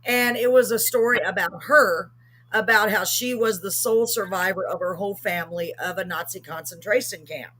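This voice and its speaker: A woman's voice: medium pitch, moderate pace, a bit bright, slight background noise. A woman hosting a live streamed show, telling a story casually and rambling with many ums and self-corrections.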